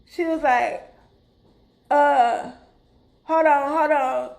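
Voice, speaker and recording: Woman, middle-aged, high-pitched voice, animated storytelling vlog. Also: drawn-out words, vocal fry. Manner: animated, dramatic, addresses viewers as "y'all". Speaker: vlogger. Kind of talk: casual storytelling to camera.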